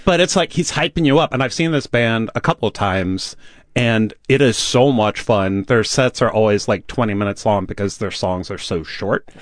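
A man's voice: fairly low pitch, normal speed, no room sound, studio quality. A man co-hosting a music radio show, talking casually and laughing easily, with many fillers.

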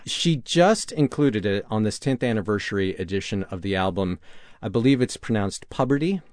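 A man's voice: fairly low pitch, moderate pace, darkish tone, dry recording, clean studio sound. Chatty male music radio host. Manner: enthusiastic, teasing, with restarts. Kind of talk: casual music radio chat.

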